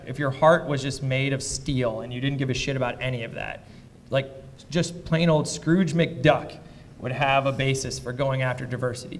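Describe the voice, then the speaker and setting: A man who invests in startups, speaking as a fireside chat guest before a live audience, blunt and profane as he tells lively anecdotes. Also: a little high, big-room sound. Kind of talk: candid onstage storytelling.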